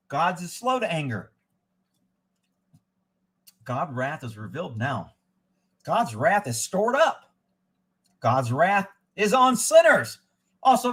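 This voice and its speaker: A man hosts a casual live stream in a high-pitched voice. He rants with sarcasm and his pitch swings widely, dropping to a mutter when he reads, then rising sharply when he argues back. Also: a bit bright. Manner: sarcastic, ranting, mutters while reading aloud. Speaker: livestream host. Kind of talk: casual live-stream commentary, reading chat.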